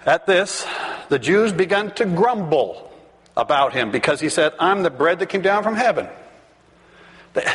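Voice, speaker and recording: A man preaching a sermon, reading scripture aloud and acting out the crowd's voices with animated asides. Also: fairly high pitch. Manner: animated, reads scripture and acts out the crowd's questions. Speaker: pastor. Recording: long hall reverb.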